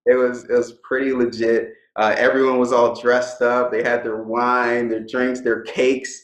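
A young man speaks as a guest in a relaxed, conversational interview. His voice sits in a middle register, and his storytelling is easygoing and punctuated with laughter. The recording has a noticeable echo, as if he is in a bare room. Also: medium pitch, measured pace.

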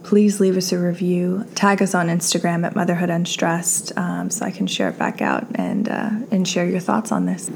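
Podcast host, female, thirties, lowish gravelly voice, earnest and encouraging delivery. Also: animated, normal speed, hardly any pauses, a little mellow, slight background noise. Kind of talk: casual podcast talk and host-read ad.

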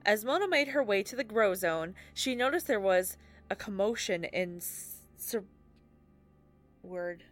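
A woman of middle pitch reads a friend's handwritten story slowly, tripping over hard-to-read words and laughing now and then. She sounds like a casual podcast host, with faint music underneath. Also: animated. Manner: stumbles over handwriting, laughs through reading.

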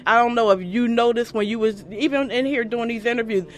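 A woman's voice: a little high, steady tone, fairly quick, a little hiss or hum. A middle-aged woman, a barbershop owner speaking bluntly and from the heart in a news interview.

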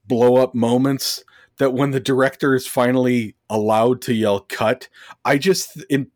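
A man's voice: mid-range voice, no room sound, studio quality. Sarcastic man reviewing a movie. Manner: sarcastic, mocking; reads from notes, many fillers. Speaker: podcast co-host. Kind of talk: casual movie review chat.

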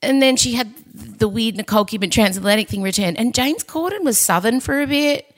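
A woman hosts a podcast where she reviews a film in casual, opinionated chat, ranting with frequent restarts. Her voice is a little high, expressive, and brisk.

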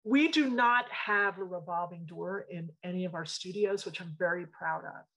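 Studio owner, woman, slightly husky voice; tells anecdotes with frank, lively emphasis. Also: lowish voice, normal speed, low-quality recording. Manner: animated storyteller, emphatic and frank. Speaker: interior design studio owner. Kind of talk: casual interview storytelling.

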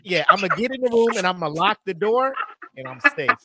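A young man in casual podcast chat, telling animated stories and acting out scenes. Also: sits high, brisk, very noisy. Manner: animated storytelling, acts out scenes. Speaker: podcast co-host.

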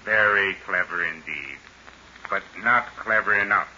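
An actor playing a suave, scheming male villain in a 1930s radio drama, smooth and menacing. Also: sits low, unhurried, pushed and bright, slight background noise, full character voice. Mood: sly. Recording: muffled old radio recording.

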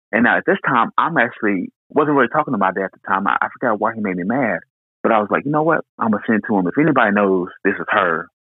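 A young man from Houston, Texas, telling a personal story in an earnest, halting way with many restarts. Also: fairly low pitch, slightly rough, no echo. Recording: tinny phone-like line.

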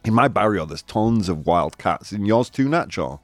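Male radio host, animated swooping delivery, dry close studio sound, soft music underneath. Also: fairly low pitch, moderate pace, no room sound. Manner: animated, laughs often, switches into Spanish translations. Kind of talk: casual radio chat, reading news items.

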